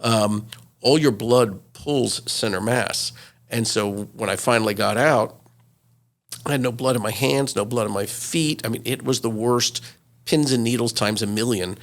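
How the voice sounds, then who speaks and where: A man in his sixties, a retired news correspondent, telling lively anecdotes as an interview guest, with many fillers. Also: medium pitch, moderate pace. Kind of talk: interview storytelling.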